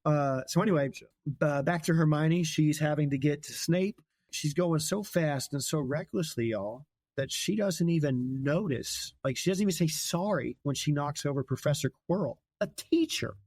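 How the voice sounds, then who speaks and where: A young man hosting a podcast, retelling a book in casual chat, animated and laughing often as he slips into quick character voices. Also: a little high, no echo, studio quality. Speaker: podcast host.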